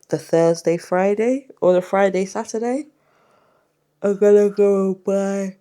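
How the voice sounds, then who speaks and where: A woman from England chatting casually through her weekly cash budget, tired and rambling. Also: rumbling low. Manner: rambling, chatty, talks while counting cash. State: tired, yawning. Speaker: budgeting vlogger. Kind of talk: casual budget vlog chat.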